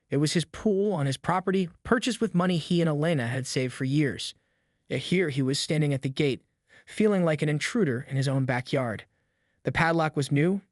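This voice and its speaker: A man's voice: on the high side, dry recording, studio quality. A man reading a dramatic story as a narrator in a scripted way.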